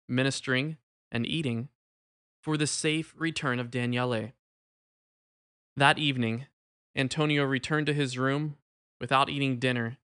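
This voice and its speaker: A man narrating a religious story in a measured, gentle storytelling manner. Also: fairly high pitch, no echo, clean studio sound.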